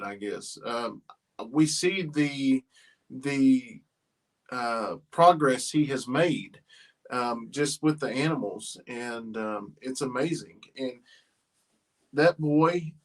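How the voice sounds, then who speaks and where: A middle-aged man hosts a loose, rambling livestream chat, pausing often with fillers. His voice sits a bit higher than most men's. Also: fairly bright tone. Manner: rambling, halting with many fillers. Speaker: farm channel host.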